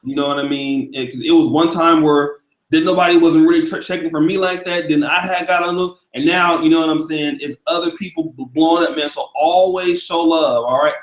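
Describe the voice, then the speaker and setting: A man's voice: fairly high pitch, steady tone, a little fast, reverberant, rough recording. A man hosting a live stream in a loose, profane, casual way, hyping up his audience. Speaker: livestream host.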